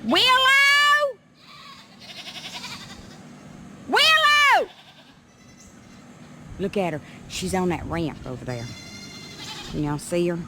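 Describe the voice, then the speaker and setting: A woman's voice: deep voice, moderate pace, long pauses, noisy background. A woman, giving a chatty walking vlog around her farm. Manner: chatty, calls out loudly to animals. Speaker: homestead vlogger. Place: outdoors on a farm by goat pens. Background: goats bleating.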